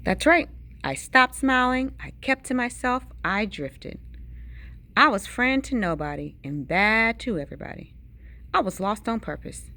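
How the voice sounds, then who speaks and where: A woman, a teacher, reading a picture book aloud at bedtime, dramatically, with sudden hushed whispers. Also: animated, measured pace. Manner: dramatic storytelling with sudden hushed whispers and big pitch swings.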